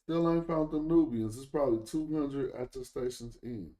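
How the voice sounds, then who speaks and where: A man speaks in at a mid pitch, hosting his own livestream in a loose, casual way. He thinks aloud as he reads, sounding out words slowly and drawing them out. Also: warm tone. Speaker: livestream host. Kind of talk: casual livestream study talk.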